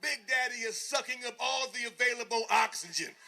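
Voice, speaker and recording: Motivational speaker, man, bright and high-pitched; animated storytelling that drops low and then bursts out loud. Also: brisk, vocal fry, a little hiss or hum. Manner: animated, swings from quiet to shouting. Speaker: motivational speaker, former football player. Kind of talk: storytelling speech to a live audience.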